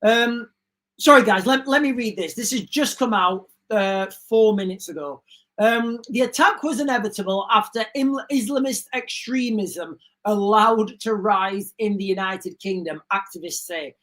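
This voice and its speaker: In an unhurried, medium-pitched voice with a fairly bright tone, a woman reads breaking news on her live stream. She addresses viewers directly, often with "guys," and pauses for chatty opinions of her own. The audio comes from a streaming setup mic.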